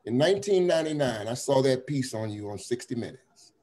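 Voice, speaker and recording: A man who runs workshops, thanking someone earnestly and haltingly on a video call. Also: medium pitch, lively intonation, a little mellow. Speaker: workshop trainer. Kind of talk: heartfelt thanks.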